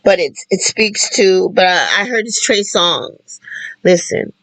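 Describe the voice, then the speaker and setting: A livestream host talking while in tears, halting and repeating phrases. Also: mid-range voice, lively intonation, a bit bright, no room sound, poor audio. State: tearful. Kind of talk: emotional spoken-word livestream talk.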